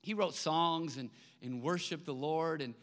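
A pastor with a fairly high, somewhat bright voice preaches a sermon at a slightly slow pace. He speaks conversationally and often repeats words to stress a point. A long reverb fills the large church hall.

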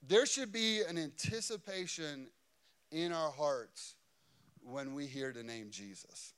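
Impassioned male pastor, clear voice. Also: slow, fairly bright tone. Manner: impassioned, rising in pitch and volume for emphasis. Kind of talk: sermon.

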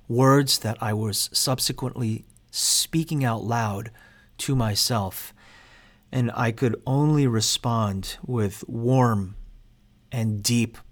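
Earnest man lecturing on his calling. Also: medium pitch. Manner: earnest, reflective, self-deprecating. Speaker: seminary instructor. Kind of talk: personal testimony in a lecture.

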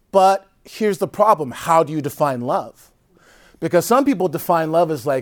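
A male priest teaching a group in a conversational way, often checking in with "right?" and dropping between loud emphasis and soft, low asides. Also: animated, a little fast. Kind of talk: teaching talk to a live group.

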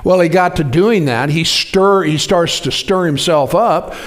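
A man's voice: a little high, measured pace. A man preaching a sermon, exhorting the congregation and telling a story loosely with many restarts.

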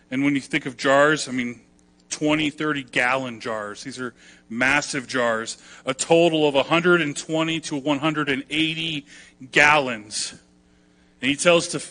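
Bright-voiced male pastor preaching casually. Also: on the high side. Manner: conversational, with quick asides and bursts of emphasis. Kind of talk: sermon.

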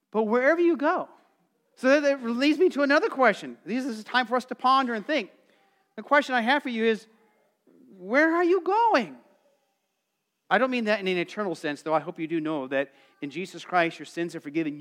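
Middle-aged male pastor, high and animated, chatty sermon delivery. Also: clear, resonant tone. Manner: conversational, animated, acts out quotes; calls for congregation responses.

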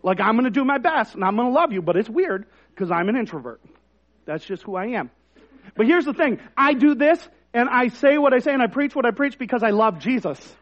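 High-voiced male pastor preaching. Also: lively intonation, brisk, highs cut off. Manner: conversational, self-deprecating, rising to emphatic. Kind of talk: sermon.

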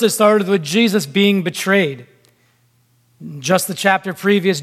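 A man preaching a sermon in a deliberate, emphatic way, with long pauses between phrases. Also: sits high. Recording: long hall reverb.

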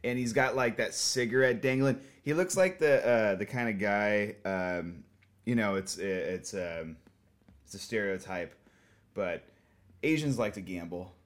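A man's voice: fairly low pitch, unhurried. A man co-hosting a film podcast, chatting casually, profane and rambling, laughing often. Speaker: podcast co-host.

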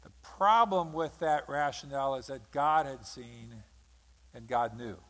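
A man's voice: mid-range voice, unhurried, a bit bright. A man preaching a sermon, telling a story dramatically and acting out the quotes of the people in it. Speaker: pastor. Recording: long hall reverb.

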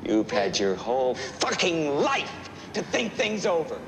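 An actor playing an unhinged husband who mockingly menaces his wife, in a film clip over a loud score. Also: a little high, wildly swooping pitch, unhurried, music in the background, heavily acted. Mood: menacing. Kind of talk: film acting.

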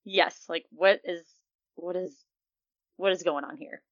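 A woman's voice: fairly low pitch, fairly even intonation, unhurried, dry recording. A woman playing a tabletop game, speaking hesitantly and searching for her words. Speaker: player. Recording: dull lo-fi sound.

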